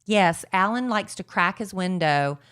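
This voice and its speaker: A woman co-hosting a podcast, talking in an animated, chatty way in casual conversation. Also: mid-range voice, unhurried, clear, resonant tone. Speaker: podcast co-host. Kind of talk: casual chat.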